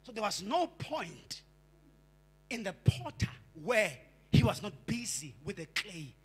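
A man's voice: high-pitched, sing-song, unhurried, husky. A male pastor with a Xhosa accent preaching a fervent sermon, repeating and stammering into his points and mixing English with isiXhosa. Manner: switches between English and isiXhosa. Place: church.

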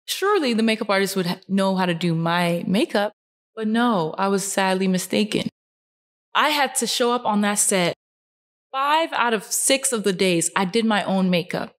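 A young woman who works as a fashion model chats to camera from her couch inside. Her manner is earnest and lively, her pitch leaps on emphasized words, and she fills her speech with fillers.

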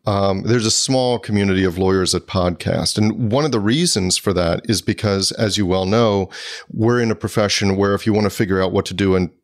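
A man co-hosting a podcast, a lawyer speaking in a measured, reflective way. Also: fairly low pitch. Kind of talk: casual conversation.

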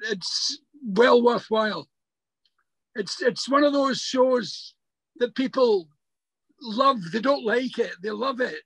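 An older man, an actor, telling stories in a remote interview over a video call, halting and repeating words as he goes. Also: very high voice, fairly bright tone, breathy edge, no echo, rough recording. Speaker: actor guest. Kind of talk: remote interview, casual storytelling.

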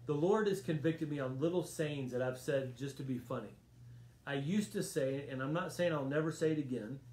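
A man's voice: on the high side, roomy sound. A man preaching a sermon as a pastor, earnest and emphatic, often repeating his phrases. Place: church sanctuary.

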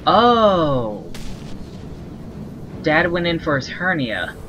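A man's voice: mid-range voice, moderate pace, pushed and bright, slight background noise, low-quality recording. A man giving casual gameplay commentary, rambling, sarcastic and swearing as he complains. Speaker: let's play gamer.

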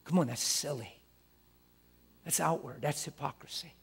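A man preaches with a husky, somewhat high voice. He models prayer aloud, dropping to near whispers and then rising into loud, fervent declarations. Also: normal speed, pauses often.

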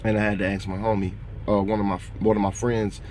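A man's voice: fairly low pitch, flat delivery, fast, a little mellow, a little hiss or hum. Rambling motivational truck driver, man. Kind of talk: casual vlog monologue.

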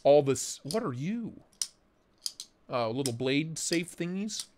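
A man hosting a casual livestream, talking in an excitable, slangy way and swearing freely. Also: on the high side, slow pace, a little hiss or hum. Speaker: livestream host.

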